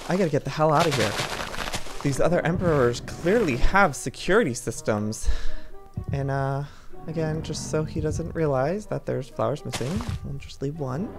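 A man hosting a playful let's-play video, talking theatrically with frequent gasps and sneaky stage whispers. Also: on the high side. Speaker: gaming video host.

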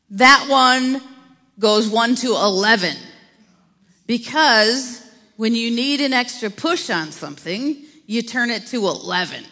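A woman's voice: a little high, bright, forceful tone, big-room sound. A middle-aged woman pastor with an Upper Midwest American accent gives a chatty sermon, with playful asides to the congregation. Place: church sanctuary.

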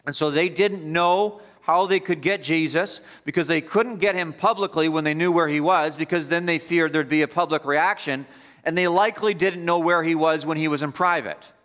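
A pastor delivers a sermon in a man's voice that sits a little high. He talks emphatically and repeats his points, letting his intensity climb and then sink low. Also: moderate pace, a bit bright. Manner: emphatic, repetitive preaching with rising and falling intensity. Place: church.

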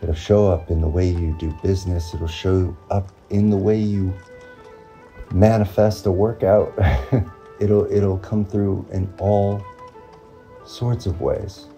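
A man giving an earnest motivational monologue, repeating phrases and pausing often. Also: low voice, fairly even intonation, dark tone, faint music behind. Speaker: motivational vlogger.

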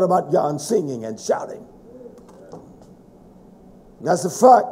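A middle-aged man preaching a fervent sermon, swinging between loud shouting and low, quiet asides. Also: very animated, takes it slowly.

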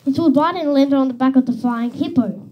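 A woman reading a children's book aloud in an expressive storytelling manner, on a slightly dull recording with faint hiss. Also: sits high, fairly quick. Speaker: reader.

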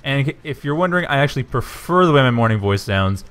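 Fresh out of bed, a man casts a strategy game in a low morning voice, talking fast and smoothly through chatty commentary. He keeps correcting himself and gets worked up over the action.

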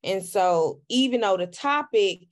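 A woman's voice: mid-range voice, expressive, a little slow. Young woman reflecting in casual chat. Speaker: podcast co-host, graduate student instructor.

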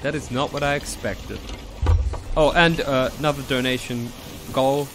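A man's voice: medium pitch, normal speed. A man streaming a game, chatting playfully in a put-on cutesy uwu voice that turns his r sounds into w. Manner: playful, silly asides. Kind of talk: casual live-stream chat while gaming. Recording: steady background noise under the voice.

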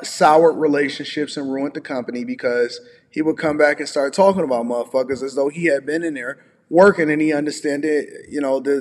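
A man's voice: a little high, big-room sound. A man hosting a livestream, reacting to a clip with exasperated, blunt, profane commentary. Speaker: livestream host.

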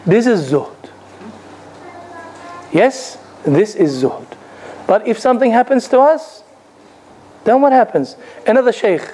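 A man's voice: high-pitched, a little mellow, poor audio. A man, an imam, giving a religious lecture to a gathering, telling stories and asking rhetorical questions with a touch of humor.

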